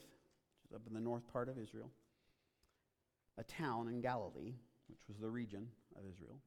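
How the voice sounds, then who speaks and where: A pastor preaches a sermon in an echoing church auditorium, his mid-range voice a little fast and broken by frequent pauses. He's dramatic, climbing into loud, emphatic passages, and the big hall gives a long reverb.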